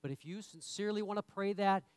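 High-voiced pastor preaching. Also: male voice, fast talker, darkish tone, smooth, no echo. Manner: conversational preaching, repeats words, rises to emphatic bursts. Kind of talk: sermon. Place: church sanctuary.

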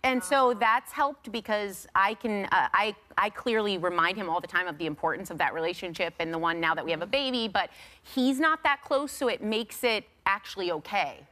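A woman's voice: medium pitch, fairly quick, pushed and bright. A woman co-hosting a talk show, chatting in a playful way with hesitant fillers. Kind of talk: casual panel chat.

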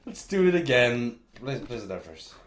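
A man's voice: mid-range voice, very animated, a little slow. A man playing a co-op game with a friend, laughing so hard he is crying. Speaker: co-op game player. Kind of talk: casual gaming chat.

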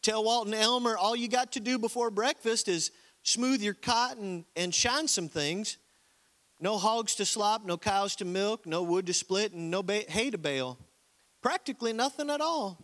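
A man's voice: high-pitched, moderate pace, fairly bright tone, pitched above the performer's own voice. A man voicing a naive young male country-boy Marine recruit with a put-on Southern accent, reading his letter home in a folksy drawl. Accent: American Southern (put on). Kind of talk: comic letter reading in a sermon.

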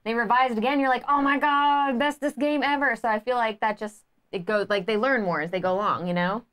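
A woman's voice: on the high side, steady tone, fairly quick, a bit bright, clean tone. A woman co-hosting a board game show, chatting casually and enthusiastically, often laughing. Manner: giggly, enthusiastic. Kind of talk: casual chat.

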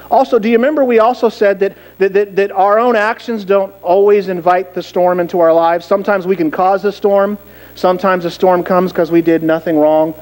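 A man preaching a sermon as pastor, lively and dramatic, acting out quoted voices and asking rhetorical questions. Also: sits high, poor audio.

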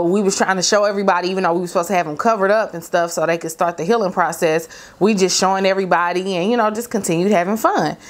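A middle-aged woman vlogger casually telling a story from her teenage years to her viewers, slangy and animated. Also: on the low side.

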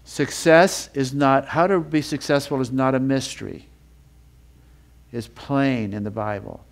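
Preaching with emotion, a male Bible teacher builds momentum by repeating phrases. Scripture readings come out slower and lower.

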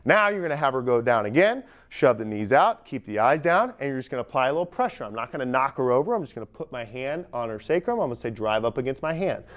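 A young man coaching lifters on a gym platform, energetic and talking straight to the group, recorded on a camera mic as he moves around. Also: medium pitch, fast, hardly any pauses. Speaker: strength coach. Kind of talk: live coaching demonstration. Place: gym platform at a lifting camp.

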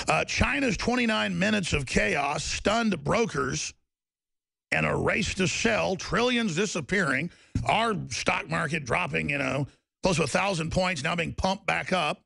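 Gravelly, forceful talk radio man. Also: sits high, animated, normal speed, no echo, studio quality. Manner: mocking, sarcastic, heated. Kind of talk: ranting talk radio monologue.

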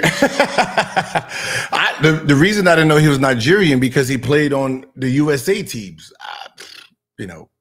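A man raised in California, hosting his show and reacting to a clip in casual chat, profane, boastful and quick to laugh. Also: a little high, a bit bright.

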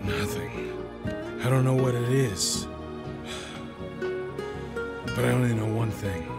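A man playing a widowed village father in a dubbed film drama, gruff and guarded, halting when earnest. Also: medium pitch, loud music behind the voice.

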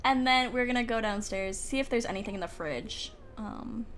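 A woman's voice: a little high, measured pace, a little hiss or hum. A young woman casually commentating a life-sim game from home, chatty and giggly, talking to her characters. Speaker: gaming YouTuber. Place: home room with the window open. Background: faint outdoor ambience.

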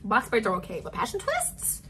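A woman's voice: on the high side, wildly swooping pitch, normal speed, music in the background. An eighteen-year-old woman chatting casually in a get-to-know-me vlog, bubbly and wandering off on tangents. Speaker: vlogger.

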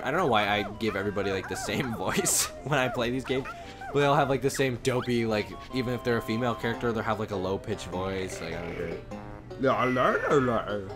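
A man hosting a let's play, commentating in an energetic, rambling, laughing way. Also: mid-range voice, a little fast, music in the background. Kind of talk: game commentary.

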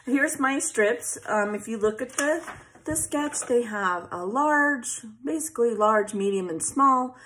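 A woman's voice: fairly high pitch, fairly bright tone, rough recording. A woman chatting casually through a scrapbooking tutorial, thinking aloud with fillers and poking fun at herself. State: hiccups. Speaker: scrapbooking vlogger. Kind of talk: casual craft tutorial chat.

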